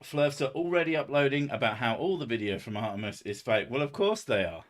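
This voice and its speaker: A man's voice: medium pitch, animated, fairly quick. A man chatting casually on a livestream, rambling and sardonic, with heavy swearing. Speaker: streamer.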